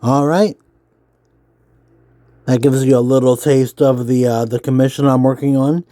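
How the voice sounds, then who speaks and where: A man's voice: mid-range voice, a little slow, no room sound. Nerdy-sounding man reading aloud. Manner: self-described nerdy voice, relaxed with fillers. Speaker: comics vlogger. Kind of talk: casual reading aloud while drawing.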